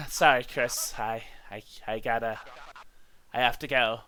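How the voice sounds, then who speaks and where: A man's voice: mid-range voice, slow, sharp tone, slight background noise, pitched below the performer's own voice, rough recording. A man voicing a nervous, flustered TV-headed game show host who stammers with fake cheer. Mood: wistful.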